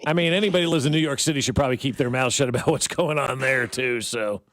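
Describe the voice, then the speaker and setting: A man's voice: medium pitch, quick pace, a bit bright. A middle-aged man hosting morning sports talk radio, ranting with strong opinions into a studio mic.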